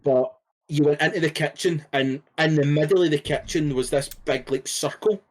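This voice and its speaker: A man's voice: a little high, normal speed, darkish tone. A man, co-hosting a podcast and telling rambling stories in casual chat. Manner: laid-back, rambling storytelling with swearing. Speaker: podcast co-host.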